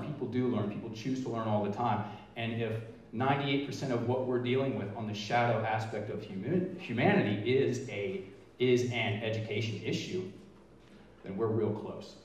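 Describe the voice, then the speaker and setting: Energetic man speaking in an echoey hall. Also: medium pitch, recorded from a distance. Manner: energetic, emphatic, stretches key words. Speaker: featured speaker. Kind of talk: live motivational presentation. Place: large event hall.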